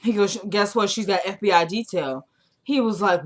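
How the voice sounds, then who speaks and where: A woman's voice: mid-range voice, fairly quick. A young woman chatting casually as she recaps a TV episode, retelling scenes by quoting the characters.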